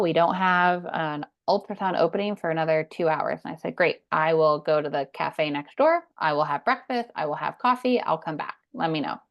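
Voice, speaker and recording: A woman in her thirties, a podcast guest, telling her personal story in an earnest, emphatic way. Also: deep voice. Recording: dull lo-fi sound.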